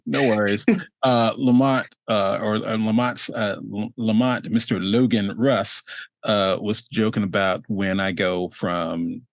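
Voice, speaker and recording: A man's voice: fairly low pitch, steady tone, unhurried, no room sound. A man hosting a casual interview over a video call, talking in a rambling way with laughs and little acted-out quotes. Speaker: host.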